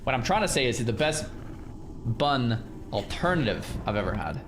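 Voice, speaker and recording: A male streamer chatting casually with his viewers in an animated, incredulous way. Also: medium pitch, moderate pace, noisy background. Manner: animated, incredulous, talks to chat. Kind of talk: casual livestream chat.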